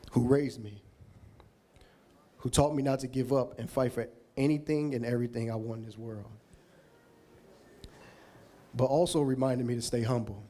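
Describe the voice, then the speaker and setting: A man's voice: medium pitch, dark tone. A man at an awards podium, speaking in a mid-range voice. His speech is heartfelt and loose, full of restarts as he moves from one thank-you to the next. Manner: emotional, rambling, thanking people one by one. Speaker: Hall of Fame inductee giving an acceptance speech.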